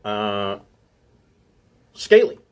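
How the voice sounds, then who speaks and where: A man's voice: lowish voice, very animated, extremely slow, crowd noise. A man running a tabletop role-playing game as game master, casual and prone to correcting himself. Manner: casual, stumbling, laughs easily.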